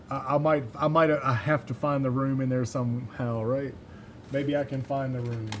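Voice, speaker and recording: A man with a soft Southern US accent talks in a loose, rambling way as he works on a livestream. He chuckles at himself often. His voice sits at an ordinary middle pitch, with a faint hum of room noise behind him. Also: flat delivery, moderate pace. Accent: Southern US, mild Mississippi. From Mississippi, USA. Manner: rambling, chuckling, self-deprecating. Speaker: livestreamer building a synth module. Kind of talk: casual livestream chat while soldering.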